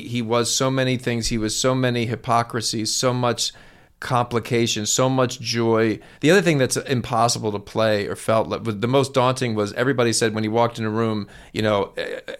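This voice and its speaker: A man's voice: medium pitch, clear, resonant tone. A man who directs and acts, talking as an interview guest, eager and rambling with frequent restarts. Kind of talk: candid interview talk.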